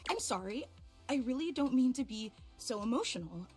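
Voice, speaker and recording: A clingy, gushing superfan. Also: female voice, on the high side, very animated, moderate pace, a little mellow, soft background music. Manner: gushing, tearful, rambling. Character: clingy, overemotional female fan with stalker habits. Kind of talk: game voice acting.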